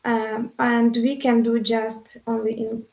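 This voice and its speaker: A woman from Ukraine, a volunteer guest speaking halting English on a video call as she searches for words. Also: fairly high pitch, flat delivery, a little mellow, reverberant, poor audio. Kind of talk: casual video-call chat.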